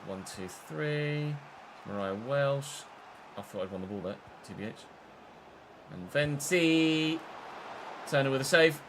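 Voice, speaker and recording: A young man streaming live, chatting through his football game and breaking into excited shouts between muttered asides. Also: medium pitch, slow, background noise. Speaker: gaming streamer.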